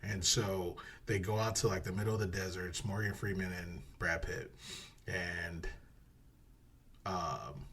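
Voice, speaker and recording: A man co-hosting a podcast, casually retelling a movie plot in a rambling, animated way, swearing and acting out quotes. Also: low-pitched, unhurried, slight background noise. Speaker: podcast co-host.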